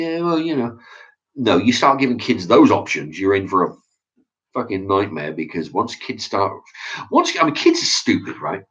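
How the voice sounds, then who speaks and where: A man's voice: fairly low pitch, huge pitch swings, normal speed, fairly bright tone, slightly rough. A man hosts a casual opinion chat and reads viewer comments, talking bluntly and profanely in a ranting way. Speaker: channel host reading viewer comments. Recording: dull lo-fi sound.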